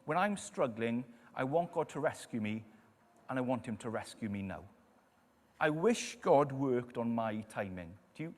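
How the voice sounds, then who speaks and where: A man preaching a sermon in a church, telling stories and dropping to quiet emphasis on key lines. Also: mid-range voice. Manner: storytelling, lively, drops to quiet emphasis. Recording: echoey church hall.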